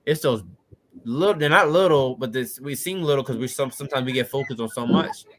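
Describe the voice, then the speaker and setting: A man's voice: mid-range voice, fairly quick, background noise. A man in his late twenties from Washington DC, a podcast guest telling his life story in a casual, earnest way, often adding "you know what I'm saying". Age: late 20s.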